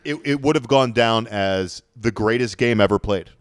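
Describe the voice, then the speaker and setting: A man's voice: on the low side, normal speed, no echo, clean studio sound. A man co-hosting a podcast, chatting casually about sports with frequent hesitant restarts. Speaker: podcast co-host.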